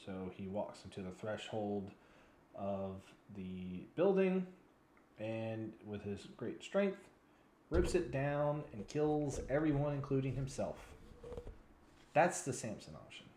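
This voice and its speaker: A man's voice: fairly low pitch, lively intonation, takes it slowly, dark tone, echoey room, slight background noise. A man in his twenties giving rambling, frustrated commentary as a news vlogger, sounding weary and yawning now and then. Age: 20s.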